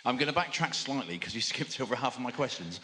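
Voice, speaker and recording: An interviewer on stage at a fan convention speaks with a bright, forceful voice, and the sound rings out through a hall with a long reverb. He is friendly and pokes a little fun at himself as he steers the talk back to his questions. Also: mid-range voice, lively intonation, fast talker. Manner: friendly, self-deprecating. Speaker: interviewer, event co-organiser.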